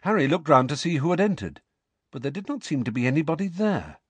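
A man narrating an audiobook in an expressive, measured storytelling manner. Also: on the high side, husky, no room sound. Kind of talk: scripted narration.

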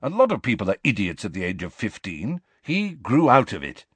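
A man voicing a blunt, loyal grown man who speaks in a brisk, placating way. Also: fairly low pitch, wildly swooping pitch, a bit bright, breathy edge, no echo, heavily acted. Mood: earnest.

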